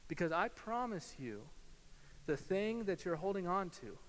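A male pastor preaching a sermon, swinging from loud emphasis to hushed, slow guided imagery. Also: high voice, sing-song. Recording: hall reverb with faint hiss.

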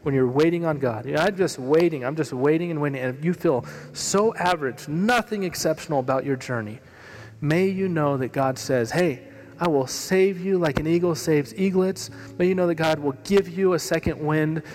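A man preaching a sermon as a pastor, telling a story with humor and lively delivery in a church hall. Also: on the high side, moderate pace. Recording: long reverb of a hall.

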